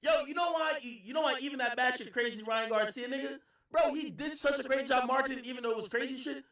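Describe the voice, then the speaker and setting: A man's voice: very high-pitched, quick pace. A man hosting a livestream, giving loose, slangy reaction commentary. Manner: animated, slangy, loose rambling talk. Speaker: livestream host. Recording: echoey, distant room sound.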